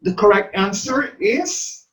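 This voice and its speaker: A middle-aged man, coaching exam takers, slowly repeating terms and stressing syllables as he explains. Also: high-pitched, expressive, fairly bright tone, rough recording. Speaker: exam review teacher. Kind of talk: teacher-exam coaching lecture.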